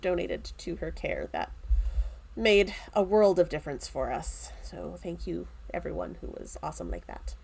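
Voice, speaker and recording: A playful woman co-hosting a relaxed crafting stream, quick to poke fun at herself. Her pitch moves around a lot, rising and dipping as she talks. She sounds easygoing and chatty. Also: creaky, slight background noise. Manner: playful, laughs often, self-mocking. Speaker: co-host. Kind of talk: casual chat while crafting.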